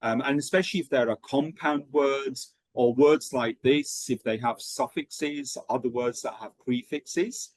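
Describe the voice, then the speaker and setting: A man running an online teacher training session, talking in a steady rhythm with frequent ums and okays. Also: mid-range voice, a little slow, hardly any pauses, no echo, rough recording.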